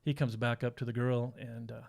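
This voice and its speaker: A middle-aged man from Montana with a gravelly, fry-laced voice at an average pitch. He tells long family stories in an easy, relaxed way on a podcast. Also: brisk. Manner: relaxed storyteller acting out quotes. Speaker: podcast guest, father of four athletes. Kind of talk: casual storytelling.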